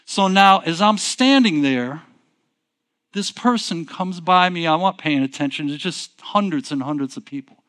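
A male pastor tells a personal story during a sermon, his voice on the high side, a bit bright, at a normal pace. He's conversational and rambling, repeating himself and often starting over with "so anyways."

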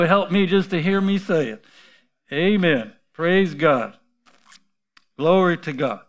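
Guy pastor w a high voice, rambling folksy sermon, chuckles a lot. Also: a bit bright. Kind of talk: informal sermon.

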